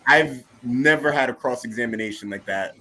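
A man's voice: mid-range voice, moderate pace, bright, forceful tone. Laid-back man co-hosting a podcast. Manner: laid-back, joking, repeats phrases. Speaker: podcast co-host. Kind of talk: casual chat.

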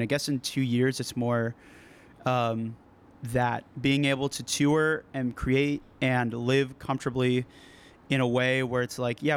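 A young man from California, a band member, chatting casually on a podcast, swearing often and acting out the people in his stories. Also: medium pitch. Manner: laid-back, swears often, acts out quoted people. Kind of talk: casual chat.

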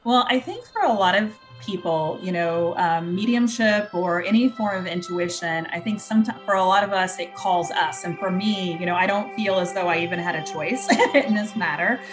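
A woman's voice: lowish voice, expressive, normal speed, hardly any pauses, soft background music. A woman from Indiana, a guest psychic medium, telling a personal story in an earnest, reflective way with frequent fillers. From Indiana, US Midwest.

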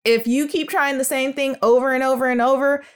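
A woman with a somewhat high voice explains early speech development in a lively podcast lesson. She sounds out syllables to demonstrate and speaks warmly and directly to her listeners, calling them by pet names. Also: fairly quick, clean tone. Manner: calls listeners sugars and world changers. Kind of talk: educational podcast talk.

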